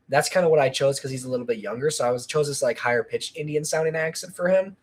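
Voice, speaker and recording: A man's voice: fairly high pitch, fast talker, few pauses, a little mellow, slightly rough. A man chatting on a casual livestream about his channel, rambling with lots of ums and restarts. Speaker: channel creator.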